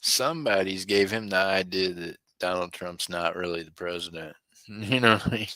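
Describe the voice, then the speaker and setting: Folksy low-voiced man hosting an auction. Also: normal speed, pushed and bright, no echo. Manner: folksy, chatty, chuckles often. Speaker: online auction host. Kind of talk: live-stream auction chat.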